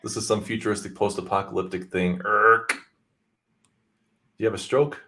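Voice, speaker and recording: A man's voice: on the low side, fairly even intonation, sharp tone. A man co-hosting a live stream, trading jokes and riffs in casual banter. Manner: joking, quick with riffs and bits. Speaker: podcast co-host.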